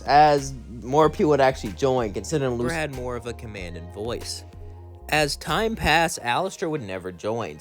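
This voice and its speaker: A man casually narrating a what-if fan story, rambling with fillers and asides. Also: mid-range voice.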